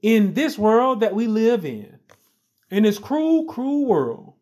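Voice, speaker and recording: A man's voice: sits high, very animated, darkish tone. A man preaching a sermon, emphatic and repetitive, building stress on key phrases. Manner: slow, emphatic, repeats phrases with rising stress.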